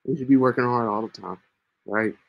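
A man's voice: medium pitch, brisk, gravelly, lo-fi sound. A man hosting his own podcast, teaching the Bible in a casual, earnest monologue and often checking in with "right?", with coughing fits breaking in. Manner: earnest, keeps asking "right?". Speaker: Christian podcast host. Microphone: home computer mic with screen sharing.

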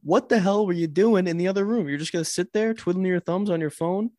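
A man's voice: high voice, quick pace, a little mellow, no room sound, studio quality. Wry young man giving dating tips. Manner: wry, mock-authoritative tips. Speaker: podcast cohost. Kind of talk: casual chat giving dating advice.

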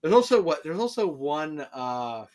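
A young man co-hosting a podcast, chatting casually, swearing and laughing, with lively mock-shouted quotes. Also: on the high side, unhurried, a loud crowd. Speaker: podcast co-host. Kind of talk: casual chat.

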